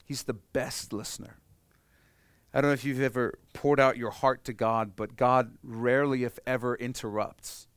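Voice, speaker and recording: A man preaching a sermon in a conversational way, moving between quiet, hushed stretches and loud, animated ones. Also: mid-range voice, normal speed, smooth, dry recording. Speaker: pastor.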